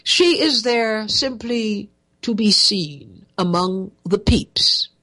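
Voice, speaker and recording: A woman's voice: mid-range voice, slow, pushed and bright. A woman hosting a talk show, giving sarcastic, mocking political commentary.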